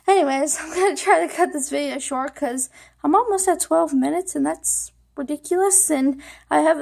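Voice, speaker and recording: Young woman vlogger, high voice with vocal fry; rambling and emotional, fighting back tears. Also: moderate pace, a little mellow. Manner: rambling, many fillers like "like" and "you know". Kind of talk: personal storytelling to camera.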